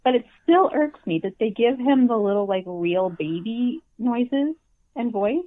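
A woman's voice: fairly high pitch, animated, measured pace, dry recording. A woman guest in a casual podcast chat, rambling with a wry, self-deprecating manner over a phone call. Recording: tinny dry phone line.

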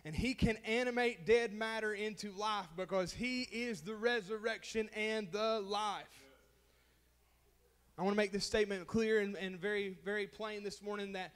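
A man's voice: high voice, steady tone, moderate pace, fairly bright tone. A man preaching a sermon as pastor, impassioned, calling out to the congregation and repeating phrases for emphasis.

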